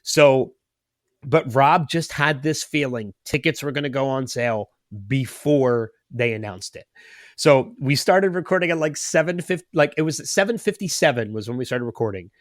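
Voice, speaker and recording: A man's voice: on the high side, dry recording, clean studio sound. A man in his late thirties, a podcast host telling a long story in casual chat, rambling and getting emotional. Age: 30s.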